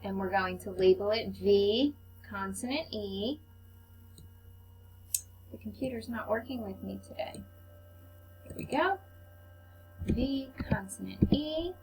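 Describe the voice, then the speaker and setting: Brief: woman, teacher voice, unhurried and encouraging, faint hum behind. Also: medium pitch, darkish tone, poor audio. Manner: slow, patient, encouraging teacher talk to young children. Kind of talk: recorded online phonics lesson.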